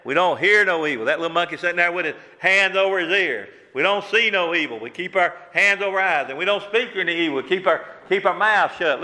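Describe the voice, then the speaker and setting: A man's voice: fairly high pitch, pushed and bright, big-room sound. A man preaching a sermon as pastor, earnest and repetitive, with many rhetorical questions.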